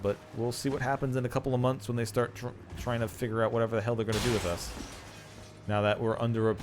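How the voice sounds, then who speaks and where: A man's voice: mid-range voice, a little hiss or hum. A man streaming a game live, chatting casually and ranting with lots of swearing and laughter. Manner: rambling, profane ranting with frequent laughs.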